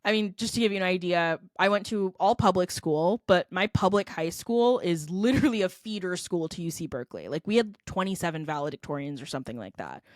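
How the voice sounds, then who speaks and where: A woman's voice: fairly low pitch, expressive, brisk, hardly any pauses, no room sound, studio quality. A young adult woman from California, a company founder telling a heartfelt personal story in a podcast interview. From California, United States. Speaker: guest, edtech company founder.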